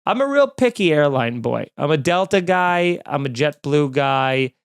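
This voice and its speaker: Snarky man ranting, smooth clear voice. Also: on the high side, measured pace. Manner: snarky, animated, mocking voices in quotes. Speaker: comedian podcast host. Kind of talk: comedic rant.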